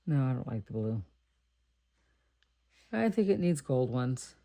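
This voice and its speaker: Middle-aged texas lady rambling while she makes cards, low voice. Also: very animated, a little slow, gravelly, mellow. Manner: chatty, rambling, thinks aloud. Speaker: card-making crafter. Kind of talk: casual crafting chat.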